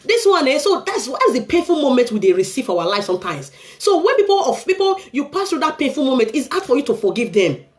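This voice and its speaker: A woman's voice: high voice, very animated, quick pace, few pauses. A Nigerian woman sharing a painful personal story as a heartfelt testimony, pleading and preacherly as she urges listeners to forgive.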